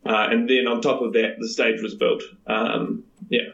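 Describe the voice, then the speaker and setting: A man's voice: medium pitch, flat delivery, normal speed, vocal fry, fairly bright tone, lo-fi sound. A man playing a tabletop game, talking casually and hesitantly with many ums. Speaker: player. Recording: roomy echo.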